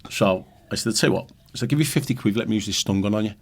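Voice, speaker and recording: A middle-aged former goalkeeper from Liverpool, England, appears as a podcast guest telling rambling, sweary anecdotes full of "you know what I mean" in a casual storytelling chat. His voice is lowish and breathy-edged, and he talks very fast.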